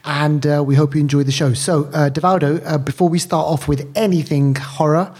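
A man co-hosting a podcast in casual chat, talking in an animated, rambling way full of "right" and "you know". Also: fairly high pitch, brisk, breathy edge. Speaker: podcast co-host.

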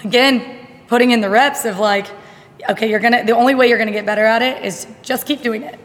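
Lively, slightly high woman in a reverberant room. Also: fast. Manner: lively, self-deprecating, laughs often. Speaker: fitness coach. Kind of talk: casual podcast chat. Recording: long reverb in a hard room.

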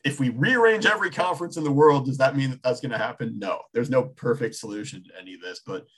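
A man in his thirties talking sports in a loose, casual way. His voice has a husky edge. He circles his points, restarting and rephrasing as he goes. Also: mid-range voice, fast, fairly bright tone. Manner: rambling, many restarts, thinking aloud. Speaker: sports talk show co-host.

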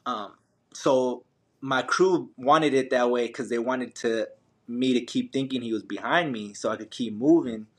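A man's voice: medium pitch, measured pace. A young adult man, a podcast guest, telling a running story in a casual, slangy way full of fillers and restarts. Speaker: podcast guest, ultramarathon runner.

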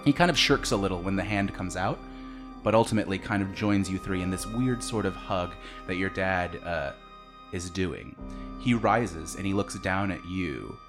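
A man's voice: deep voice, moderate pace, music in the background. A man narrating as game master for a tabletop game, rambling with many fillers and restarts.

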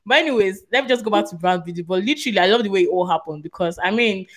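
A woman's voice: mid-range voice, rapid-fire, a bit bright. Chatty woman on a podcast. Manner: chatty, leans on "literally". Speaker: podcast co-host. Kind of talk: casual fan chat.

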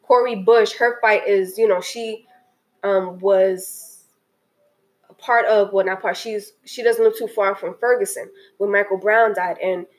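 A woman speaks unhurriedly in a steady, mid-range tone, earnestly and emotionally reviewing a documentary that moved her in a casual way and often restarting sentences. The recording is low quality.

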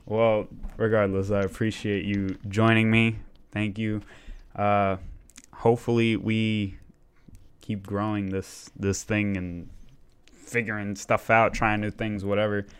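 A man's voice: on the low side, little pitch movement, slow pace, clear, resonant tone. A man hosting a casual podcast, rambling along and swearing freely. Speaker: podcast host.

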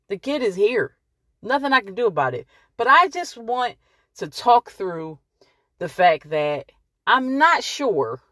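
A woman, talking candidly to camera in a wry, emphatic way and pausing for effect. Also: medium pitch, dry recording, clean studio sound. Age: late 30s.

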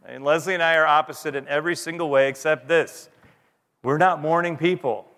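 A man in his thirties preaching a conversational sermon as pastor, with dramatic pauses and gentle self-deprecating humor. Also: fairly high pitch. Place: church sanctuary. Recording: long reverb of a large hall.

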